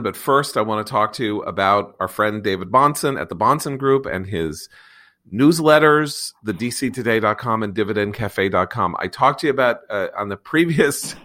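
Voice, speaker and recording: Man, political talk host, mid pitch, lively swings, digressive, sarcastic. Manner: animated, digressive, sarcastic asides. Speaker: podcast host. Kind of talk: political talk show with ad read.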